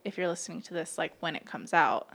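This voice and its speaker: A woman's voice: fairly low pitch, lively intonation, gravelly, fairly bright tone. Easygoing woman podcast co-host. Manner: easygoing, halting with fillers. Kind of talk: casual chat.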